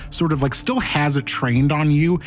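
A man's voice: on the high side, normal speed, faint music behind. A man running a tabletop game as game master, narrating scenes loosely with many fillers.

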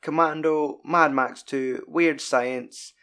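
A man's voice: fairly high pitch, takes it slowly. Sweary scottish guy rambling about films. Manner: sweary, rambling and animated retelling. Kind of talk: casual film chat.

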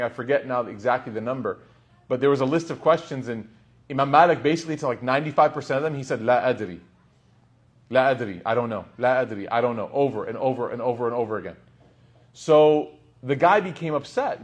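A man giving a religious lesson in a conversational, storytelling way. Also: mid-range voice. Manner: conversational, frequent "like" and "right?". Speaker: Islamic teacher. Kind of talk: lecture storytelling.

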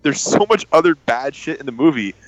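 Man, mid-pitched, excited ranting podcast co-host. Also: fairly quick, low-quality recording. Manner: excited, ranting, animated retelling. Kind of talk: casual chat.

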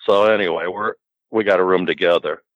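A man's voice: low-pitched, steady tone, fairly quick, dry recording, lo-fi sound. A man guest on a podcast, telling rambling anecdotes in a casual way and acting out quotes. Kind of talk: casual storytelling.

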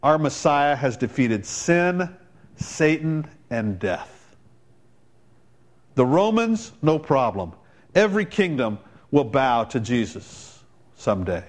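A male pastor preaching a sermon, quoting people in quick voiced asides and building to loud, emphatic climaxes. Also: big pitch swings. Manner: preaching with dramatic rises in pitch and volume; quotes others in voiced asides.

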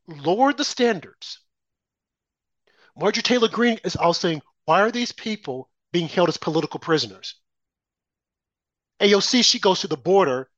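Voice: mid-range voice, expressive, normal speed, pauses often, a bit bright, dry recording. A political commentator guest talking heatedly, firing off rhetorical questions and mocking impressions of opponents. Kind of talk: heated opinion talk. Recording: dry, slightly dull lo-fi sound.

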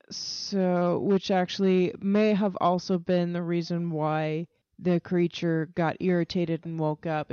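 A woman co-hosting a casual podcast, pausing often with "um" as she works through what she found. Her voice is smooth and clear, a bit low for a woman. The sound is dull and lo-fi, in a dead, dry space. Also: warm tone, no room sound. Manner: hesitant, reads facts with many "um"s. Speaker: podcast co-host. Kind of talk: casual chat.

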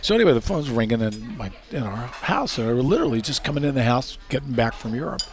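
A man's voice: mid-range voice, lively intonation, fast. An American man in a casual interview, recounting stories from racing safety work with fillers, restarts and laughter.

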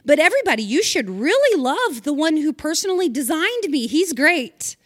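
A sugary churchgoing woman who praises God and runs herself down in the same breath, as a speaker mimics her. Her voice is sing-song and overly sweet. It sits on a raised pitch. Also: big pitch swings, moderate pace, fairly bright tone, dry recording, clean studio sound. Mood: gushing. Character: gushing self-loathing churchgoing woman.

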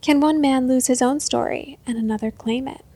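A woman doing a sly old beggar storyteller, hushed. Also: high-pitched, no room sound. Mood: musing, sly. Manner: slow, hushed, half-whispered.

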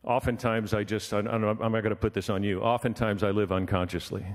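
Animated male preacher in a reverberant hall. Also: on the low side, a little fast. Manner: animated, acts out voices in his story. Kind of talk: sermon with storytelling.

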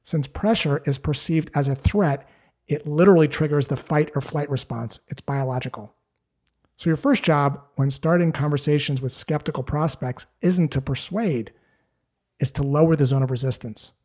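A man's voice: fairly high pitch, moderate pace, a little mellow. A man giving a scripted, direct instructional talk as a sales coach, explaining things steadily.

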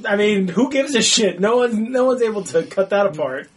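A man's voice: high-pitched, expressive, moderate pace, breathy edge, distant mic. A man in casual movie talk who swears a lot and acts out his own reactions.

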